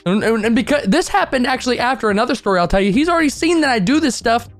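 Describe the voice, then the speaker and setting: Young man, storytime narration, animated, joking, very expressive pitch. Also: very fast, soft background music. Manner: animated, joking, laughs through the telling. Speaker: storytime vlogger.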